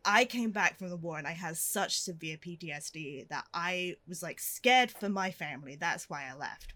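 Bright-voiced woman ranting about a film. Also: mid-range voice. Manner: animated, ranting, laughing often. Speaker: podcast co-host reviewing a film. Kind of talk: casual chat.

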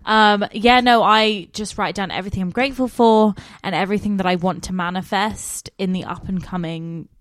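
A bubbly young woman co-hosts a casual podcast, teasing and playful as she chats. Her pitch sits mid-range, and the recording is dry and close-miked. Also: fairly even intonation, normal speed, hardly any pauses, no room sound. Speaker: podcast co-host, makeup artist. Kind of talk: casual chat.

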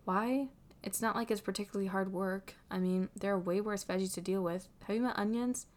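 A woman's voice: medium pitch, fairly quick, natural voice. A woman voicing an easygoing young man who teases and laughs while chatting, read from a fan story. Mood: teasing. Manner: playful, laughing and teasing.

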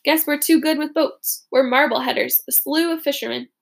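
A woman's voice: sits high, fairly even intonation, normal speed, gravelly. A woman doing a blunt fisherman sailor. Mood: matter-of-fact. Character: blunt male fisherman rowing soldiers.

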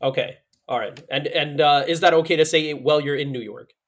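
A man's voice: on the high side, a little fast. A man hosting a casual interview, asking curious and slightly apologetic questions.

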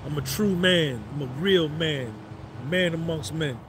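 A man's voice: a little high, measured pace, background noise. A man in his fifties giving a boastful motivational monologue on a live stream, swaggering and repeating his phrases for emphasis. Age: 50s.

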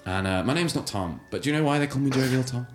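A man voicing a cheerful, hearty bearded man who talks in a booming, encouraging way. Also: lively intonation, fast talker, faint music behind, close to an everyday voice. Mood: jovial. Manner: boisterous, encouraging.

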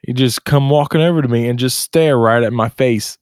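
A man's voice: mid-range voice, a little fast, a little mellow, smooth, no room sound, clean studio sound. A man co-hosting a podcast, telling crude stories in casual chat and laughing often. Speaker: podcast co-host.

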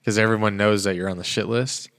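Gravelly low-voiced man, chatty co-host. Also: fairly even intonation, quick pace, fairly bright tone, no room sound. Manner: rambling, chatty, hedges with "like". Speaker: podcast co-host. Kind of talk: casual podcast chat.

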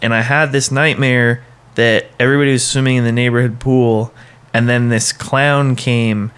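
A man co-hosts a casual podcast in an easygoing, wry way, his voice sitting at an ordinary middle pitch. He drifts into a loose, rambling story. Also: steady tone, moderate pace, fairly bright tone, clean tone. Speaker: podcast co-host.

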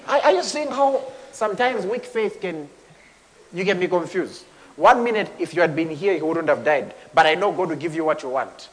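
Male preacher, high voice, impassioned, hushed then shouting, long hall reverb. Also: lively intonation, normal speed, slight background noise. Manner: speaks in tongues. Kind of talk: sermon.

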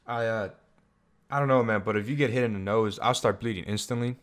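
A man's voice: fairly low pitch, brisk. A young man co-hosting a podcast in casual chat, hesitant and stumbling over his words with plenty of fillers. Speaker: podcast co-host.

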